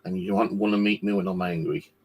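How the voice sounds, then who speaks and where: A husky, somewhat low-voiced man vents from his flat in a loose, rambling monologue. He swears freely and sounds fed up with the people around him. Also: fast. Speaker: vlogger. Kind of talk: casual monologue to camera. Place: home flat indoors.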